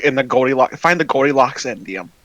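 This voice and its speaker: A man's voice: mid-range voice, animated, quick pace, fairly bright tone, dry recording, low-quality recording. A man playing at a tabletop game, chatting in an easygoing, jokey way. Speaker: player. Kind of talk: casual chat at a game table.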